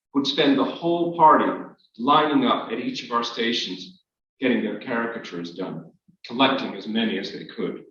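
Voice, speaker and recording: A man's voice: medium pitch, a bit bright. Man reading a wry memoir in an echoey hall. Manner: measured, wry storytelling. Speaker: author reading his work. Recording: echoey hall, distant, dull.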